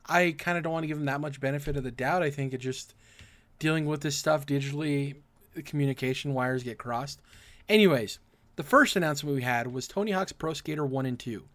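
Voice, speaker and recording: A man hosting a casual gaming podcast, his throat rough and raspy from acid reflux, leading segments and asking his co-hosts questions. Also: on the high side, a little fast, a bit bright. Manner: runs the segments, asks the panel questions. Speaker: podcast host.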